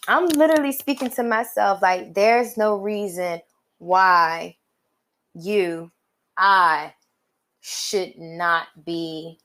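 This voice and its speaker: Female podcast host, unhurried motivational delivery, colloquial and emphatic. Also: on the low side, a bit bright. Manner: drawn-out emphatic pauses, colloquial. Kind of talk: motivational solo podcast talk.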